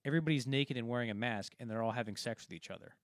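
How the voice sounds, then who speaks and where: A man's voice: medium pitch, very fast, no echo. Guy rambling through a movie recap on a podcast, restarts a lot, dry close sound. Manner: rambling, retells scenes with many restarts. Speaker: podcast co-host. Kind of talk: casual film discussion.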